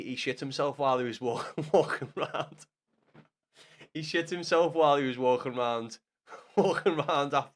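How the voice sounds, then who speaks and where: A man streaming live, rambling and swearing, laughing a lot and talking to viewers by name. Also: mid-range voice. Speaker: livestreamer. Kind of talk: casual live stream chat.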